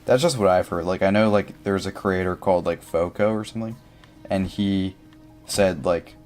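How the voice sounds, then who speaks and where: A man's voice: low voice, normal speed, darkish tone, faint music behind. A young man livestreaming a game, chatting casually and thinking aloud, with lots of filler words as he plays. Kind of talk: casual gameplay commentary.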